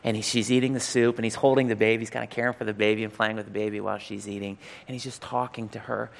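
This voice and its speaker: Gravelly-voiced man preaching in a hall. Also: fairly low pitch, quick pace. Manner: animated storyteller, acts out quoted lines. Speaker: pastor. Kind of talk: sermon storytelling.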